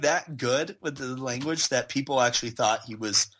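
A man telling stories in a casual chat, animated and quick to laugh as he acts out people he quotes. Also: mid-range voice, breathy edge. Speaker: guest. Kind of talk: casual storytelling.

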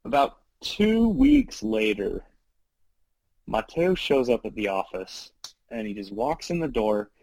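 A man casually telling a story from his mission days, animated, with many fillers and frequent laughs. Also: medium pitch, slow pace, dry recording, poor audio.

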